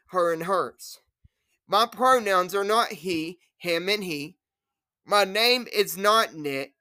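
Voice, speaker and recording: Slow, bright-voiced indignant woman. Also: medium pitch. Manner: indignant, repetitive, scolding trolls. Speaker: trans rights activist. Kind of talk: direct-to-camera rant.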